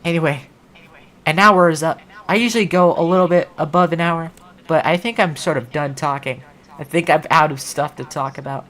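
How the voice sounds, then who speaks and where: A woman's voice: sits low, fairly quick, a bit bright. A woman hosting a livestream, chatting casually and rambling with many "like" fillers. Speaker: livestream host. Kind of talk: casual stream chat.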